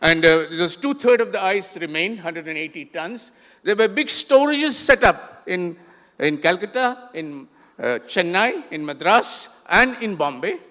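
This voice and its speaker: A man's voice: high voice, expressive, a little slow, sharp tone. An older man with an Indian English accent giving a conversational talk to an audience, with frequent fillers and restarts. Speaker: festival speaker. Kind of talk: illustrated talk with slides. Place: large lecture hall. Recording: echoey hall with long reverb.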